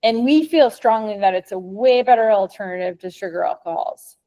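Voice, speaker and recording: A woman's voice: mid-range voice, a little fast, dark tone. A woman with a Midwestern American accent giving an informal webinar presentation over a video call, rambling upbeat with frequent ums and restarts. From Minnesota, US. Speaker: company co-founder presenting to vets.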